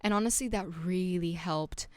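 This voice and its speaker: A woman's voice: lowish voice, normal speed, a little mellow, no room sound. A young woman hosting her own podcast, talking casually and candidly to the listener, with lots of "like" and "um" and frequent restarts. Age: young adult. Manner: candid and reflective. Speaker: podcast host. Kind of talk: casual solo podcast monologue.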